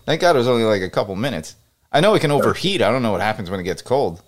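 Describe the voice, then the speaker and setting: A man co-hosting a podcast, telling funny stories in casual chat and laughing as he goes. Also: medium pitch. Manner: laughing storyteller, gets loud and fast when excited. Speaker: podcast co-host.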